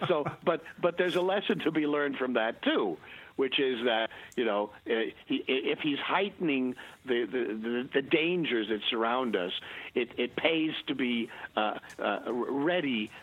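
An older man with a husky voice tells rambling stories, full of restarts, little chuckles and acted-out asides. The sound is dull and lo-fi, as if from a modest recording. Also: mid-range voice, expressive. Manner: halting, many restarts, chuckles. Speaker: interview guest. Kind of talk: rambling anecdotal conversation.

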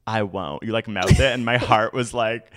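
A man's voice: mid-range voice, fairly even intonation, moderate pace, a bit bright. A young man from Canada, a guest telling stories in casual chat and quoting people in voices.

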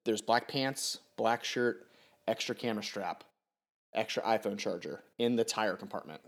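A man's voice: on the low side, moderate pace. A man chatting casually on a podcast, tossing in brief joking remarks. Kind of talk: casual chat.

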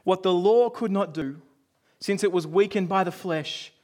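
A man preaching a sermon in a conversational, storytelling way, with offhand asides and moments where he drops to a hush. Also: high voice, measured pace. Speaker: pastor.

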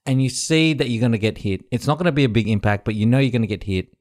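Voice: mid-range voice, fast. A podcast host in casual chat who laughs often and tells stories animatedly. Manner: laughs a lot, giggly and animated.

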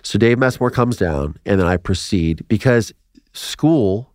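A man in his forties from Ohio, USA, tells his life story as a podcast guest, acting out quotes and laughing between lines. His voice is fairly low and unhurried, and the recording is dry with clean studio sound.

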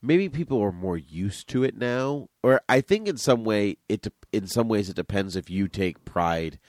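Very low-voiced chatty man. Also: expressive, moderate pace, a little mellow, no room sound, clean studio sound. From Massachusetts. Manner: chatty, rambling, easily laughing. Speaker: podcast co-host. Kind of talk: casual movie podcast chat.

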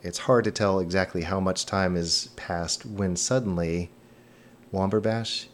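A man narrating a tabletop role-playing game as game master, in a relaxed, descriptive way with occasional fillers. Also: sits low, a little slow.

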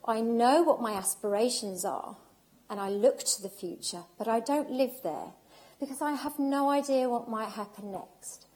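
A woman's voice: on the high side, moderate pace, darkish tone. A woman giving an emotional, heartfelt personal talk at an event, speaking with emphasis and repetition.

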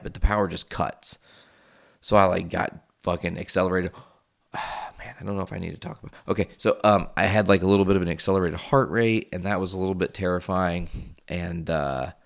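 Vlogger in his thirties, deep gravelly voice, talks to his viewers in loose, swearing, confessional stories. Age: 30s. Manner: rambling, profane, confessional. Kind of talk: casual storytelling vlog.

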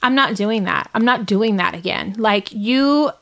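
A woman's voice: medium pitch, expressive, a little slow, creaky, a bit bright. A middle-aged woman co-hosting a podcast, chatting casually in a blunt, exasperated, profane way. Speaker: podcast co-host. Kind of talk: casual chat.

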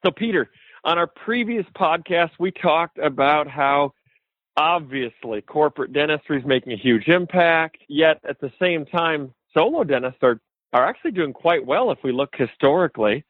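Guy guesting on a podcast, steady explaining, slightly high voice, tinny phone-line sound. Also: no echo. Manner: measured, explaining step by step. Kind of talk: casual interview chat. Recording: phone-like call audio.

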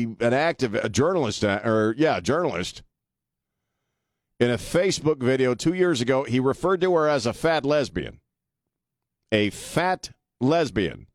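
A man's voice: medium pitch, clean tone, no echo, clean studio sound. A man hosting a talk radio show, delivering a blunt, sarcastic monologue and laughing often. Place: radio studio. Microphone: studio microphone.

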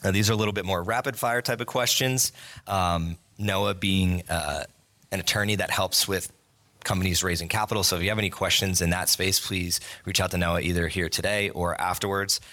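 A man's voice: low voice, steady tone, fairly quick, sharp tone. A man moderating a conference panel, upbeat as he thanks one speaker and introduces the next.

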